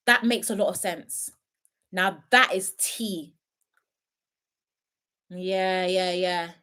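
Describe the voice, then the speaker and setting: A woman's voice: on the low side, drawn-out words, sharp tone. Young woman, stream host, playful and rambling, lots of ums. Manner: chatty, playful, laughs often, trails off with ums. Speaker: reality show commentator. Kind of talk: casual live-stream chat reading viewer comments.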